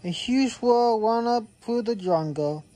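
Slow, mellow woman reading a storybook. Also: on the high side, animated. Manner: slow, halting reading with stumbles. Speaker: reader. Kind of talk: reading a children's picture book aloud.

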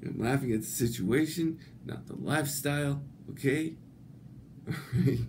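A man telling a rambling comic anecdote, swearing freely and breaking into laughter between halting phrases. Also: medium pitch, darkish tone, a little hiss or hum. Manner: laughs through his words, swears a lot; halting, many restarts. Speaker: storyteller.

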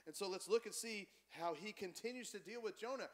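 A man preaching a conversational, animated sermon as pastor in a church. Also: high voice, brisk. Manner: animated, conversational preaching, acts out quoted voices.

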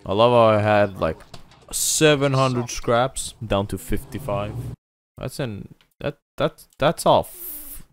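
A young man giving loud, joking, profane commentary while playing a video game. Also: medium pitch. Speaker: gaming video creator. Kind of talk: let's-play commentary.

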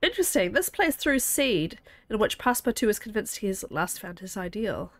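A woman streaming a game, chatting and thinking aloud excitedly, a little under the weather. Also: medium pitch, normal speed. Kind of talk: casual game commentary.

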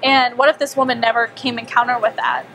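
A young woman telling a personal story to a small group, animated and chatty, acting out her own thoughts and saying "like" a lot. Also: on the high side, fast talker, a little hiss or hum. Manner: animated, acts out her own inner voice, frequent "like". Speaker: wellness speaker. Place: small meeting room with a group.

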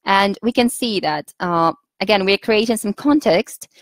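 Slow-paced Russian-accented woman teacher trainer. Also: mid-range voice, no room sound. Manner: patient, instructive, with thinking pauses and fillers. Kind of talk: webinar lesson for teachers.

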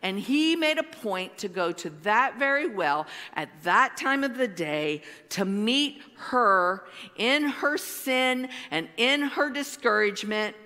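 A woman pastor preaching a sermon slowly and emphatically, with dramatic pauses. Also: fairly high pitch, animated, sharp tone. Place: large church hall. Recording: long hall reverb.

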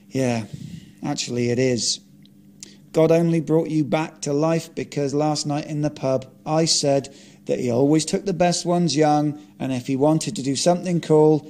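Male author-reader, deadpan delivery, blunt asides, slightly raised pitch. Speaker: author narrating his own script. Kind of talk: reading a script aloud, narration and dialogue.

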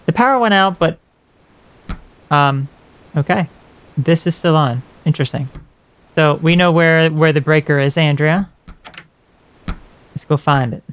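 A man's voice: on the high side, unhurried, pauses often, a bit bright, slight background noise. A man casually commenting as he plays a horror game, talking wryly to its characters. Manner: wry, chatty remarks to game characters. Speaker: let's play host.

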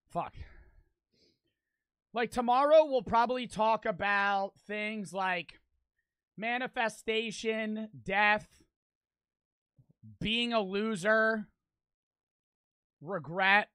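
A man's voice: high voice, pushed and bright, smooth, no room sound. A young man livestreaming, chatting loosely and crudely with his chat, reading out donations and a little out of breath. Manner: loose, profane, talks straight to chat. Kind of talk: casual live stream chat, reading donations.

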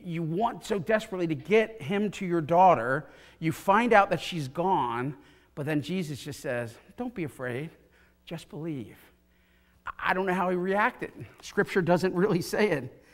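A pastor preaches in a church, his voice sitting a little higher than most men's. He tells the scripture story with feeling and acts out the voices of the people in it. He speaks into a pulpit microphone. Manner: animated storytelling, acting out quoted voices. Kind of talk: sermon. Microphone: pulpit mic.

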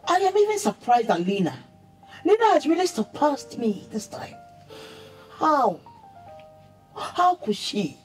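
An older mother protests and pleads with her son. Her voice rises and falls with lively swings. Faint music plays behind. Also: sits high, a little slow, long pauses. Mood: shocked.

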